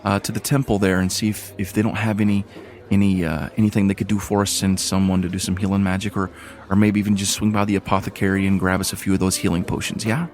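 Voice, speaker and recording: A man's voice: sits low, little pitch movement, fast talker, a little mellow, natural voice. A man voicing a kindly, bustling woman who runs a tavern and heals the wounded, with a motherly way of calling people hon. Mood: concerned.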